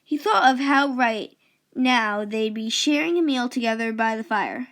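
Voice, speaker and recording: A woman reading a children's picture book aloud, slow, gentle and expressive. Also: a little high. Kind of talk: read-aloud storybook narration.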